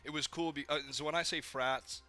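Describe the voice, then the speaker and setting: Bright-voiced young man telling stories. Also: on the high side, steady tone, a little fast. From Maine. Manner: rambling storytelling, heavy swearing, acts out quotes. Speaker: podcast co-host. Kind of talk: casual chat.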